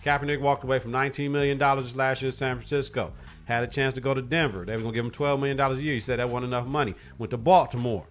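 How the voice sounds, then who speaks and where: A man's voice: medium pitch, steady tone, very fast, soft background music. A man hosting a podcast, giving blunt, profane opinions in casual chat. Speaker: podcast host.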